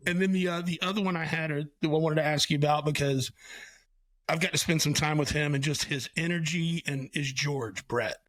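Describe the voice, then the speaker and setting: A man hosting a podcast, telling stories in a casual, animated way, swearing freely. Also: fairly high pitch, fairly quick, dry recording. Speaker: podcast host. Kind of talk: casual storytelling chat.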